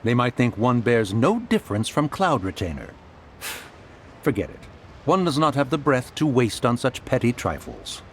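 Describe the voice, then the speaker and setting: A man's voice: medium pitch, big pitch swings, moderate pace, slight background noise. A man voicing an aloof, weary ancient spirit beast in a video game, speaking in archaic, formal phrases. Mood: irritated. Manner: archaic formal speech, refers to self as one. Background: music.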